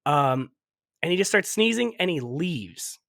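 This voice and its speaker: A man's voice: a little high, big pitch swings, unhurried, vocal fry, a bit bright, dry recording, clean studio sound. A young man co-hosting a podcast, retelling movie scenes in casual chat, laughing often and swearing. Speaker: podcast co-host recapping a movie.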